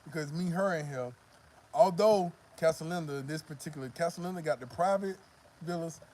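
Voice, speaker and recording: A man's voice: on the high side, moderate pace, a little mellow. A man vlogging, telling a profane, rambling story to the camera and filling it with "you know what I mean.".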